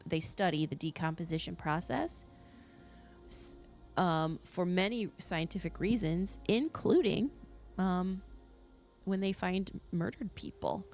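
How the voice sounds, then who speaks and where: Woman streamer, casual chat, musing, lowish pitch, faint music. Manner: chatty, musing, easily fascinated. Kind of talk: casual live-stream chat while gaming.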